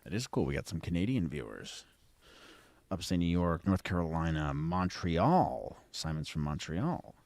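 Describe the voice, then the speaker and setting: Very deep, gravelly-voiced man chatting. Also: sing-song, moderate pace, darkish tone, dry recording. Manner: laid-back, chatty, jokey. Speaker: podcast co-host. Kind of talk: casual live watch-along chat.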